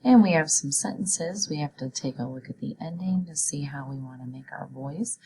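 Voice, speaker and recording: A woman teaching young children a phonics lesson, speaking clearly and encouragingly as she walks them through sounds and words. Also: sits low, moderate pace, few pauses, warm tone, low-quality recording.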